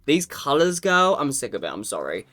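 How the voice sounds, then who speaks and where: Campy male beauty vlogger, mid-pitched, sassy and foul-mouthed, talking straight to camera. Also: wildly swooping pitch, normal speed, sharp tone. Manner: sassy, campy and profane, calls the viewer "girl". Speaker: makeup vlogger. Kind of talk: casual makeup review to camera.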